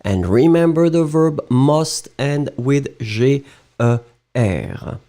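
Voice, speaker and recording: A man with a French accent leads a live language lesson, his speech slow and lively in pitch. He drills verbs with encouragement and mixes French into his English. His tone is soft and mellow. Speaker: French teacher.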